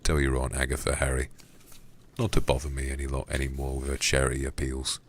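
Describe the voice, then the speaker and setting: A blustering old English lord who grumbles and gossips in a hushed whispered role-play, as a man puts him on. The voice sits extremely low and rumbles along in complaint. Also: normal speed, a little hiss or hum. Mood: irritated. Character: gruff, grumbling old English lord, a young man's uncle.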